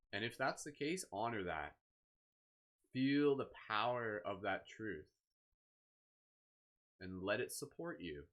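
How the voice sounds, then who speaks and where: A man leading a live guided meditation, speaking slowly and soothingly with gentle encouragement. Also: on the low side. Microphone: live stream microphone.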